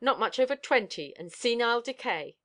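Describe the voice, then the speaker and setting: Audiobook figure: an earnest, kindly gentleman, curt and dry, read by a woman. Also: a little high, lively intonation, brisk. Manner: short, dry, urgent. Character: earnest, kind gentleman who runs a laundry.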